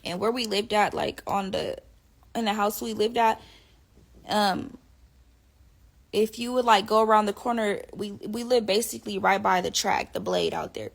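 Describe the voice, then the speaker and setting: A woman casually telling a profane, animated story to her viewers, laughing often. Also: medium pitch, moderate pace, vocal fry. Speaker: live streamer talking to viewers.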